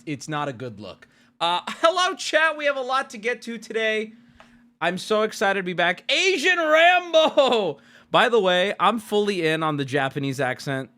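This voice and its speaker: A jet-lagged man hosting a casual livestream chat, rambling and swearing as he talks. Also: fairly high pitch. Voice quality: animated, profane, rambling. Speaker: streamer host.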